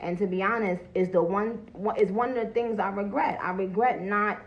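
Speaking at an ordinary pace in a mid-range voice, a woman hosts a casual phone livestream, saying hello to viewers and talking with crude bluntness. The sound quality is lo-fi.

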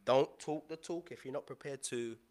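A man preaching a sermon as pastor, lively and playful, with slang and asides to the congregation. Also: mid-range voice, moderate pace.

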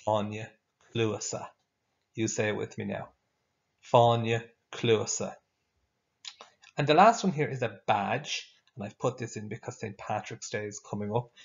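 A man's voice: on the low side, animated, normal speed, vocal fry. A man teaching a vocabulary lesson, patiently repeating each word for pupils to echo. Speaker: language teacher. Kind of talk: classroom vocabulary drill. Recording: dull lo-fi recording.

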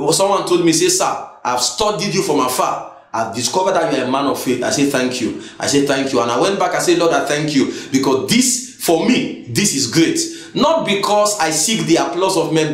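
A man with a Nigerian English accent preaching a sermon, emphatic and repetitive, bursting into shouts. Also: a little high, roomy sound.

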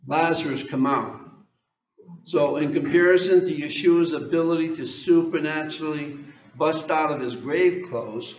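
A man's voice: a little high, normal speed, darkish tone, reverberant, lo-fi sound. An American man preaching an informal sermon, reading scripture and asking the congregation questions, often repeating words as he goes.

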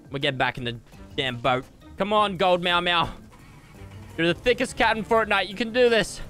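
Young male gamer, jokey and excitable, slightly high voice with a bright edge. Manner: excitable and jokey, with sudden yelps. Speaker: gaming YouTuber. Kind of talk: gameplay commentary.

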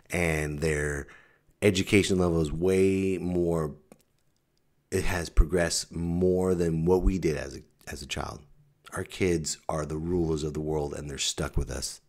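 A man hosting his own comedy podcast, ranting sarcastically, swinging from mutters to loud outbursts. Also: deep voice. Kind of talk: stand-up style podcast rant.

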